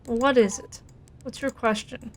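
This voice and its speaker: A woman's voice: a little high, fairly even intonation, normal speed, natural voice. Woman reading a grumpy old archive clerk. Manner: gruff, irritated. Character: grumpy older male archive clerk, rude.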